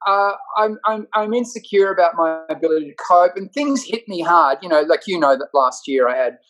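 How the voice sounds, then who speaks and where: A man speaks as an interview guest, with a comedian's quick, punchy timing. His talk turns self-deprecating as he answers openly about himself. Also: sits high, fairly bright tone, slight background noise, low-quality recording. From Australia.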